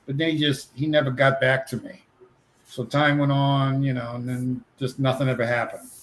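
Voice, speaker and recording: A man telling lively stories as a guest comic artist in a casual chat, acting out the voices he quotes. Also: medium pitch, normal speed, slight background noise. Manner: animated anecdote teller, acts out quoted voices.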